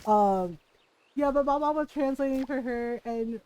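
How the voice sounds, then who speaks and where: High-voiced chatty woman streamer. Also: a little slow, warm tone, poor audio. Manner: rambling storyteller, laughs often, many fillers. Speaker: livestreamer. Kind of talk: casual chat while gaming.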